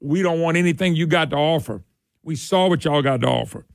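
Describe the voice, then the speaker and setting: On his political talk radio show, a man rails on with sarcasm and folksy charm, talking a little fast. His high voice has a gravelly fry. The studio sound is close and dry, with no room sound.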